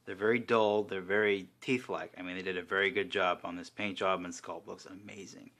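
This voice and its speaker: A man chatting casually and excitedly while reviewing a collectible figure, swearing now and then. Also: sits low, fairly quick.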